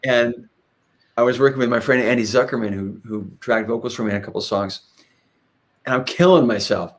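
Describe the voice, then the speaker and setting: A man's voice: mid-range voice, a little fast. A man, a guest musician, telling stories in a casual interview, rambling with frequent restarts and fillers. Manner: lively when retelling anecdotes. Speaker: guest musician, singer and guitarist.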